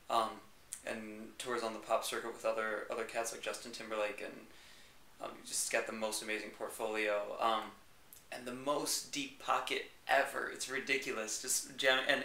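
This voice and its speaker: A man's voice: medium pitch, bright, forceful tone. A young American man, a jazz pianist, chatting enthusiastically in an interview, rambling and laughing easily. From United States. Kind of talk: casual interview chat. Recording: echoey room.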